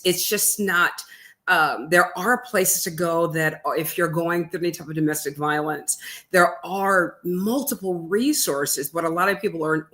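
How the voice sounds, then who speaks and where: A woman with a fairly low voice, answering interview questions as the author. She speaks earnestly and reflectively, pausing with frequent ums. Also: fairly bright tone. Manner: earnest and reflective, many pauses and fillers. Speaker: author guest. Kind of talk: live interview conversation.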